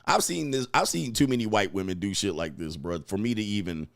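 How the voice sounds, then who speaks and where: A man's voice: on the low side, expressive, a little fast, creaky. A man coaching and commenting on clips in a crude, mocking way, laughing often. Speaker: dating coach.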